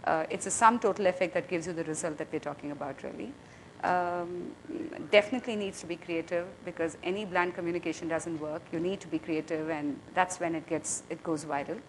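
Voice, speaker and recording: A woman wraps up her conference talk. She speaks in a measured, earnest way, with frequent fillers. Her voice is fairly low for a woman, and a faint rumble sits behind her. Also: steady tone, rough recording. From India. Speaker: conference panelist, CEO.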